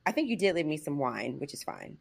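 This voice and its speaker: A woman's voice: deep voice, wildly swooping pitch, brisk, creaky, husky. A middle-aged woman co-hosting a podcast, chatting casually and acting out quoted voices with expression. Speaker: podcast co-host. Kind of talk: casual chat.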